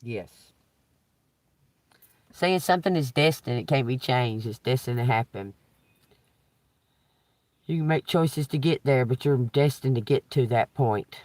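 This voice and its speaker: A man's voice: medium pitch, a little slow, long pauses, darkish tone, no room sound. Loose, profane man giving a tarot reading. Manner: rambling, profane, chuckles often. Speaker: tarot reader. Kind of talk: casual live-stream reading.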